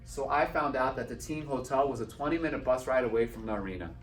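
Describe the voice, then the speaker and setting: A man giving a lively personal storytelling talk to an audience, acting out the dialogue. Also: mid-range voice, quick pace. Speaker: speaker. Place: event hall. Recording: roomy sound from a distant mic.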